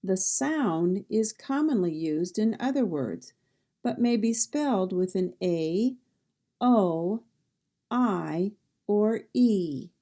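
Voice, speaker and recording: A woman teaching pronunciation, drilling sounds and words slowly and repeating each one. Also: medium pitch, warm tone.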